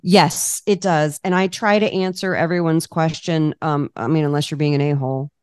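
A woman with a low voice chats as a podcast guest, spinning lively stories and breaking into laughs. The sound is close and dry, with no room around her. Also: normal speed, smooth, dry recording. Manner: lively storyteller, laughs often, acts out dialogue. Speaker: podcast guest, cookbook author. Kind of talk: casual interview chat.

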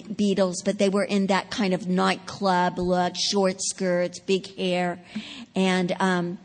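A woman gives a sermon testimony in a big hall, and her voice trails off into a long reverb. She tells her story dramatically and swells loud at the key moments. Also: medium pitch. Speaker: preacher.

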